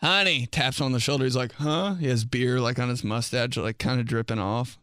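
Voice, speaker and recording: A man's voice: mid-range voice, level tone, a little fast, over loud music. A young man from Indiana, a podcast host riffing comedically on his own in a small studio and rambling with many fillers.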